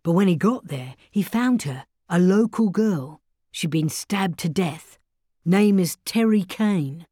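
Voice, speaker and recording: A calm adult man from a police station, as a woman narrator reads him, measured and grave. The voice stays low with lively pitch, recorded dry and close. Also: dry recording.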